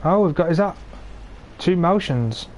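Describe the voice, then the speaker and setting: A young English man in his twenties, pitched a little higher than most men, talks through a tank match he is streaming. He grumbles and mocks careless teammates in a sarcastic running commentary. His cheap gaming mic picks up a faint hiss of background noise. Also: expressive, measured pace, a little mellow. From England. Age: 20s. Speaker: game streamer. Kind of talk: live gameplay commentary.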